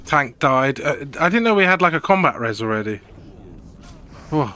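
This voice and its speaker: A man's voice: fairly high pitch, lively intonation, moderate pace, bright, forceful tone. A young man streaming a video game, chatting casually in a rambling, sweary, laid-back way. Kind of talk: casual gaming stream chat.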